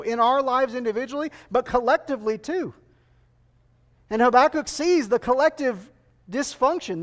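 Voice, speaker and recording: High-voiced earnest male preacher. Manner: earnest, repeats phrases for emphasis, asks the congregation rhetorical questions. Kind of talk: sermon.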